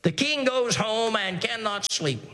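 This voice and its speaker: A man's voice: high-pitched, expressive, a little slow, sharp tone. A male pastor preaching a sermon. He repeats himself earnestly with stammered restarts and reads scripture in old-fashioned wording.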